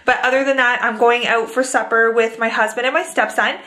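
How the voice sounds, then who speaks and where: A young woman records a casual vlog at home, talking straight to her camera mic in a slightly high voice. She sounds a little out of breath and chats loosely and easily. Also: fairly quick. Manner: chatty, talks to her dogs in a high excited voice. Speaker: vlogger. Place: at home indoors.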